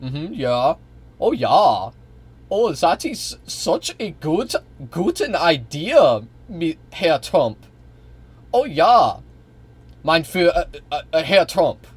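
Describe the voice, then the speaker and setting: A man's voice: a little high, very animated, slightly rough, pitched above the performer's own voice, heavily acted. A man putting on a mock German accent to play a fawning middle-aged chancellor who agrees with everything. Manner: sycophantic, drawn-out agreeing.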